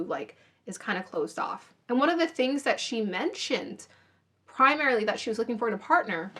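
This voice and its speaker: A woman with a fairly high voice talks through her take on a show, chatty and opinionated. She thinks out loud, circling back and restarting her sentences. It sounds like it was recorded on a phone. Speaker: reality TV reviewer. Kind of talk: casual opinion commentary.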